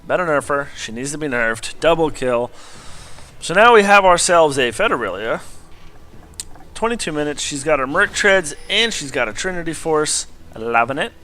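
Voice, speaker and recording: Bright-voiced excitable young male game caster. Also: moderate pace, slight background noise. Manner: excitable, jumps up in pitch at big plays. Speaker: gameplay commentator. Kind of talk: casual game commentary.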